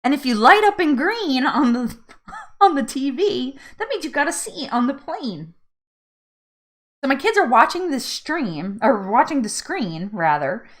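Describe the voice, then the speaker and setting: Woman on a casual livestream, voice bouncing all over, laughs a lot and acts out what she said. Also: a little high. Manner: animated, laughing often, acts out her own pleas. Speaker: host of a live weight loss chat. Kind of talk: casual live-stream storytelling.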